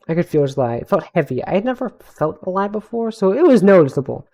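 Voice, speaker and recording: A man's voice: high voice, big pitch swings, quick pace, hardly any pauses, warm tone. A young man reads his own fantasy tale aloud on a home stream, speaking into a desk mic. He trips over words, backs up to correct himself, and breaks off for small asides. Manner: stumbling, self-correcting reading with asides. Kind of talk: live read-through of a fantasy story.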